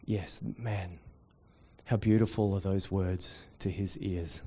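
A man preaching a sermon, dropping to quiet intensity and rising to loud, excited storytelling. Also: sits low, a little slow. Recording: long hall reverb.

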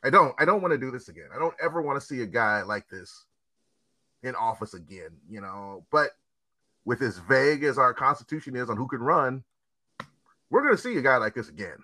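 Man, podcast host, bright voice, very lively pitch, profane emphatic rant. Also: fairly quick, no room sound. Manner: animated, profane, emphatic ranting. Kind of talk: casual chat.

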